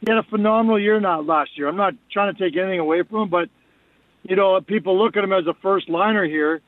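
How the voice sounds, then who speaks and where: Guest analyst by phone: man, fairly high voice, dry tinny line, frank and halting. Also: no room sound. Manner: candid, repeats words while restarting. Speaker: radio host appearing as guest analyst. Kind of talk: casual sports radio chat.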